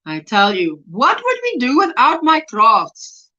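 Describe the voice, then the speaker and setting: A woman from South Africa hosting a casual crochet livestream, chatting warmly and laughing often as she reads out viewer comments. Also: a little high, wildly swooping pitch, takes it slowly, highs cut off. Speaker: livestream host.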